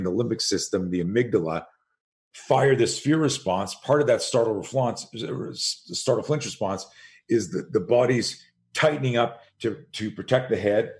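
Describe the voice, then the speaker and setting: A man in his sixties, a self-defense coach guesting on a podcast, telling stories with energy, acting out the voices he quotes and repeating words as he restarts a thought. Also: lowish voice. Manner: animated storyteller who acts out quoted voices. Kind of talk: storytelling interview.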